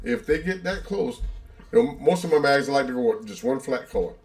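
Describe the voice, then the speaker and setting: A man's voice: medium pitch, brisk. A man co-hosting a livestream, telling a long funny story in casual chat and laughing as he goes. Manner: animated, laughs while telling stories. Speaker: livestream co-host.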